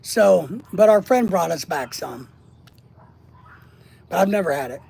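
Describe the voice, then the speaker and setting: Speaking a little slowly with vocal fry, a middle-aged livestream host has a high, expressive, somewhat mellow voice. He rambles and jokes while reading and replying to chat, often repeating words and listing things off.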